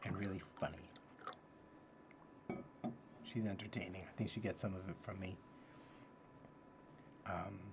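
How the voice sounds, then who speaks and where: Gravelly low-voiced man teaching on a livestream. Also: a little mellow, slight background noise. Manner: thinks aloud, repeats key phrases. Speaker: livestream host teaching self-development ideas. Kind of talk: casual livestream talk.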